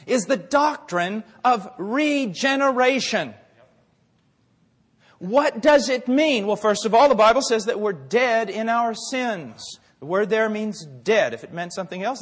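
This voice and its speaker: Fervent high-voiced preacher in a big hall. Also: male voice. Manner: fervent, swings from quiet asides to shouting. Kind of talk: sermon. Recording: long hall reverb.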